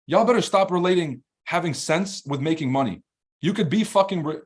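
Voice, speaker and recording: A man's voice: a little high, husky. A man hosting a live trading stream and reading chat, talking in a blunt, profane, combative way. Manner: fast, rambling and animated when ranting. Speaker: livestream trading host.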